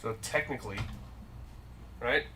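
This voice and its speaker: A man's voice: medium pitch, unhurried, recorded from a distance, very noisy. A man hosting a live-stream card break, upbeat and jokey as he rattles off the cards pulled.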